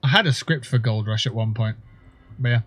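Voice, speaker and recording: A man's voice: medium pitch, a little fast. A man hosting a game livestream, riffing in a profane, jokey way. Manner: profane, jokey, bursts into excited whoops. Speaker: livestream gamer host. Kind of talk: casual gameplay commentary.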